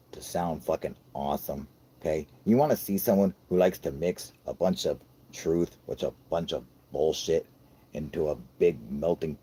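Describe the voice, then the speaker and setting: An American man with a low, warm, husky voice hosts a livestream and reads the chat aloud. His scratchy-voiced banter is full of jokes, heavy swearing and frequent laughter.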